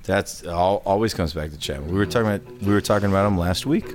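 A man's voice: deep voice, fast, soft background music. A man hosting a casual podcast, telling rambling, profane stories. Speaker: podcast host.

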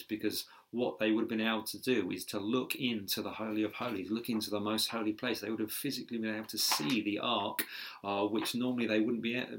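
A man preaching a sermon, explaining scripture in a measured teaching way with occasional fillers and restarts. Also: lowish voice, a bit bright.

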